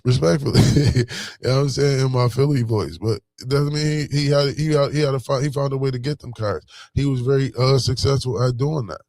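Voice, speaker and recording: A man's voice: medium pitch, fairly even intonation, a little fast, few pauses, a little mellow, no room sound, clean studio sound. A man from Buffalo with a Buffalo accent giving a casual motivational talk, slangy and full of "you know what I'm saying.". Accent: Buffalo, New York. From Buffalo, New York. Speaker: vlogger.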